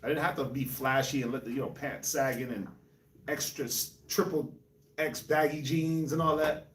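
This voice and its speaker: A man from New York, Colorado and Jamaica, hosting a casual group discussion, telling animated stories with laughs. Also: mid-range voice, normal speed, slight background noise. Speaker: host. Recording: echoey room, mic at a distance.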